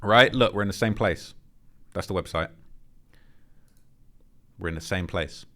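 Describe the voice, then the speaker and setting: A man hosting a commentary channel, reacting to footage in an animated, speculative, blunt and slangy way. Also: low-pitched, a little slow, a little hiss or hum.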